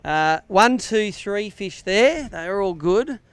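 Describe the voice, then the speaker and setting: A man's voice: sits high, expressive, takes it slowly, clear, resonant tone, no room sound. An Australian man emceeing a live fishing weigh-in outdoors by a lake, with jokey, upbeat banter. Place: outdoor lakeside weigh-in stage.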